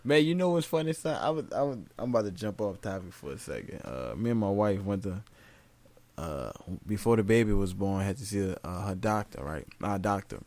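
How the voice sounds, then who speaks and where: Animated man telling stories, lively pitch. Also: fairly quick. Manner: animated storyteller, acts out quotes in a high voice. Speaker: podcast co-host. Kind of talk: casual chat.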